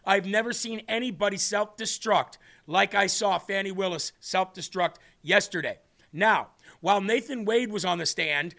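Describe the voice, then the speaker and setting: Brief: loud, mocking male talk host, high bright voice, chatty and rambling. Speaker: political talk show host. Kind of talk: livestream commentary.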